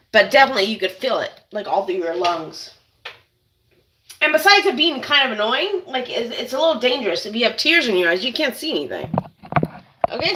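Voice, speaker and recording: A woman's voice: fairly high pitch, sharp tone, a little hiss or hum, low-quality recording. A woman hosting a casual cooking demonstration in a kitchen, chatting to viewers as she works. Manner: chatty, keeps addressing viewers as "you guys". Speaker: cooking channel host.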